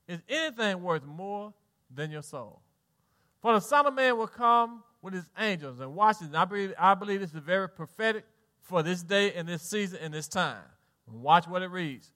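A Southern US man in middle age preaches a sermon to his congregation. His voice sits high and sounds bright and forceful. He drops soft and low, then rises loud, with folksy asides. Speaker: pastor.

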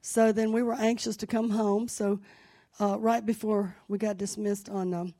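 Mellow woman preaching to a church. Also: medium pitch, flat delivery, moderate pace. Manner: chatty, anecdotal, rising into fervent prayer. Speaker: church leader. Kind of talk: conversational sermon with testimony. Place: church sanctuary.

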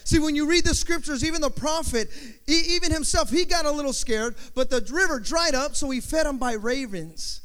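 A man's voice: very high-pitched, fairly quick, fairly bright tone. A male pastor preaching a sermon, with call-and-response and emphatic repetition. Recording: long hall reverb.

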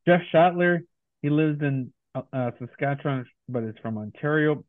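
A man's voice: fairly high pitch, moderate pace, no echo. A man co-hosting a casual podcast, reading through a long list of guest names. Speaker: podcast co-host. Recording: tinny phone-like sound.

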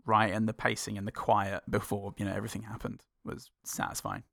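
A man's voice: on the low side, flat delivery, a little fast, vocal fry, fairly bright tone, no echo. A man co-hosting a casual film review podcast, laid-back with dry jokes.

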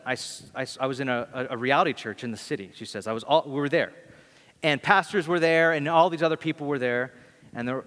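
A man's voice: mid-range voice, fairly bright tone. A man preaching as a pastor, telling stories in a casual way and acting out the voices of the people he quotes. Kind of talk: sermon storytelling. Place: church hall. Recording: long hall reverb.

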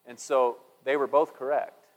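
A man's voice: medium pitch, fairly even intonation, normal speed. A man giving a sermon, telling jokes and stories in a folksy way with fillers and restarts. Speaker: preacher. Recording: long reverb of a large hall.

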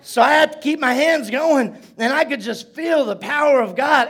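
A man preaching as pastor in a church service, telling stories with playful asides and building to loud shouts. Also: extremely high pitch, normal speed. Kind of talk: sermon.

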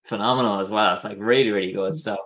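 A man's voice: lowish voice, fairly even intonation, fast talker, fairly bright tone. An Irish man, an actor, chatting as a guest in an interview, full of fillers and easy laughter. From Ireland. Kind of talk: casual interview chat.

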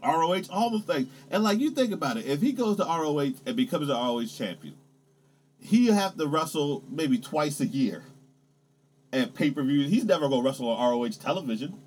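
A man chatting casually about wrestling, excitable and swearing, his voice jumping up when he gets hyped. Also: a little high, brisk, a little hiss or hum.

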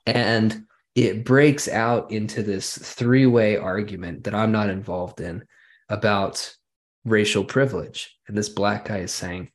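A man's voice: fairly low pitch, steady tone, unhurried. A man hosting a podcast, telling a wry, detailed anecdote in casual chat. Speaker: podcast host.

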